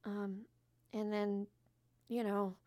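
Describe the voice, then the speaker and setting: A woman voicing a sad, downhearted teenage girl who sobs and sniffles as she speaks haltingly. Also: mid-range voice, level tone, darkish tone, close to an everyday voice. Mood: mournful.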